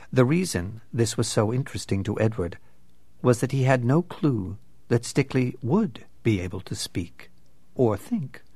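A man's voice: mid-range voice, darkish tone, no echo. A man reading a novel aloud as narrator, with dramatic storytelling. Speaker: audiobook narrator. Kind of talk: scripted narration.

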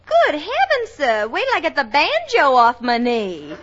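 A woman's voice: high-pitched, huge pitch swings, unhurried, heavy background noise, full character voice. A woman playing a scatterbrained young secretary with an exaggerated put-on American Southern drawl, in 1940s radio comedy style. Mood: coy. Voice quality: drawling, folksy. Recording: muffled vintage radio broadcast.

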